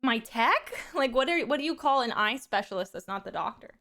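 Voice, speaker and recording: A young woman streaming a game and chatting casually, telling rambling animated stories full of fillers. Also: fairly high pitch, a little fast, creaky. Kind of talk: casual chat to stream while gaming.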